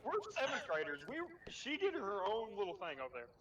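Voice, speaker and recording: A man's voice: high voice, fairly quick, over a noisy crowd. A young man telling school stories in casual chat, swearing and laughing as he goes. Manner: animated, swearing, laughing through his stories. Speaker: storyteller. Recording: muffled, distant, crowded room.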